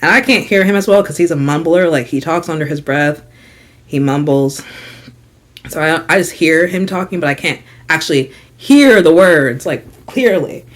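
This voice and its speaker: A woman's voice: low-pitched, normal speed. A young woman vlogger telling a storytime tale, frank and gossipy, swearing freely and acting out quotes. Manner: animated storytelling with acted quotes. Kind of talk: storytime vlog.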